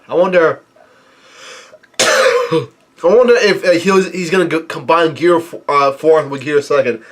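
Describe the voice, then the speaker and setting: Excitable man reading manga aloud. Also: a little high. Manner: reads quoted dialogue aloud, hesitant with many fillers, excitable. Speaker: manga reviewer. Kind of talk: casual read-through commentary.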